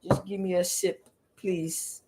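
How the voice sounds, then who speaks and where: Mock Jamaican accent, male Rasta vendor done by a tarot reader, slow, mumbling, cursing. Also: mid-range voice, flat delivery, very noisy, lightly acted. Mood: grumbling. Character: broke male Rasta street vendor, grumbling.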